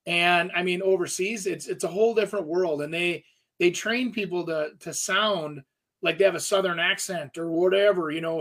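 A man's voice: high voice, steady tone, moderate pace, fairly bright tone. A man, a real estate agent, co-hosting a casual chat and talking in a rambling way, full of restarts. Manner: rambling, lots of fillers and restarts.

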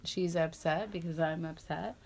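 A woman's voice: low voice, steady tone, normal speed, gravelly. A woman, a mother, chatting casually and candidly, laughing often and acting out quoted lines. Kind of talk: casual chat.

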